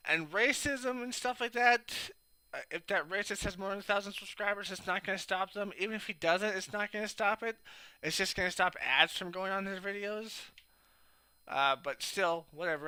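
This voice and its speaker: Bright, crisp high-voiced man. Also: dry recording. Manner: sarcastic, rambling, many fillers. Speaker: YouTube commentator. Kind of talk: casual opinion vlog.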